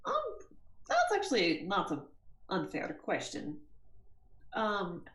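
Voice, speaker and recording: A woman's voice: on the low side, huge pitch swings, slow, fairly bright tone. A woman player questioning a character at a game table, hesitant and full of fillers. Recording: roomy echo.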